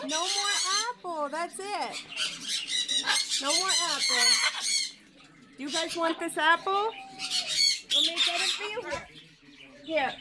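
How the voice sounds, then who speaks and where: A woman vlogger in her bird room, talking to her pet birds in a coaxing, sing-song way. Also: high voice. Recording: loud bird noise in room. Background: loud squawking parrots.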